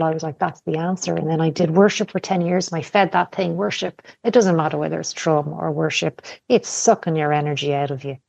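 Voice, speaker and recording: Low-voiced woman telling candid stories. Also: vocal fry, dark tone, no echo. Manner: candid storytelling with casual swearing. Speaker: podcast guest. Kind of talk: casual conversation. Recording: dull lo-fi podcast audio.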